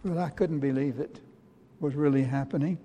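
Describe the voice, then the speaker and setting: A man preaching as the apostle Peter, a humbled middle-aged fisherman telling his own story in the first person, earnest and halting. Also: a little high, warm tone, slight background noise, lightly acted. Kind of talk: dramatic first-person sermon monologue. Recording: long reverb of a large hall.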